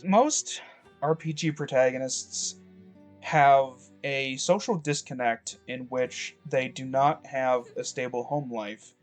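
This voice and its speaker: A man's voice: medium pitch, slow, soft background music. Man in a mid-range voice, loose let's-play rambler who swears a lot and wanders off topic. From Michigan. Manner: rambling, profane, digressive. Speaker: gameplay commentator. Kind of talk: casual let's-play commentary. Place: rural home.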